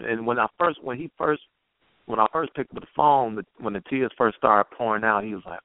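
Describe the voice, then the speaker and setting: A man with a gravelly, low voice tells a personal story. He speaks earnestly and haltingly and restarts his sentences often. The sound is dry and tinny, as if heard over a phone line. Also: no room sound. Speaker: guest poet.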